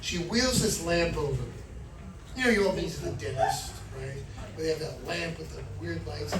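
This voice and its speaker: A man doing stand-up, telling a self-mocking story with animated energy. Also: on the high side, moderate pace, far from the mic. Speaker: stand-up comedian. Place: comedy club, indoors. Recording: roomy club from afar, loud crowd. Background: audience laughter.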